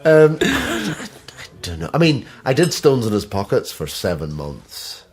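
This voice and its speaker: A middle-aged man, an actor, chatting as a podcast guest with an animated, self-deprecating humor and frequent laughter. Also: medium pitch, measured pace, breathy edge. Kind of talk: casual conversational interview.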